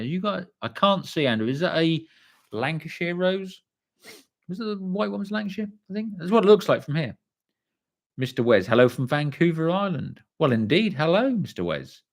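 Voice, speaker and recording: A middle-aged man chats loosely through viewer comments on a live stream. His talk is sweary and rambling, pitched in an ordinary mid range. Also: fairly bright tone. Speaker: livestream host. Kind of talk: casual live chat reading viewer comments.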